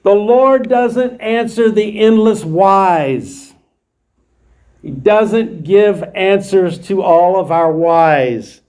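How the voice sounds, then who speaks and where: Male Bible teacher with a high voice, explaining scripture to a class. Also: darkish tone. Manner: explains verses plainly, restating them in his own words. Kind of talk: verse-by-verse Bible study lecture.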